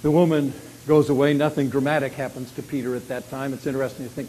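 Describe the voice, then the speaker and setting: A man preaching a sermon. He acts out quoted lines loudly and drops to a quiet voice when he reflects. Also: mid-range voice, little pitch movement, fast talker. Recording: long hall reverb with faint hiss.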